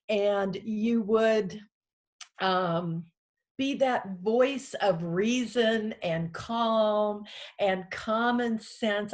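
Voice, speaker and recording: A woman in her sixties gives a heartfelt, halting union speech over a video call from her small house, emotional and full of fillers. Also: medium pitch. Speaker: union president addressing a convention.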